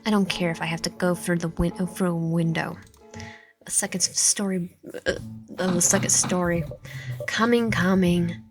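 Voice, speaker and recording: A woman reading a visual novel aloud in first person, expressive, with stumbles and asides. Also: fairly low pitch, moderate pace, faint music behind. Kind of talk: dramatic game read-through with asides.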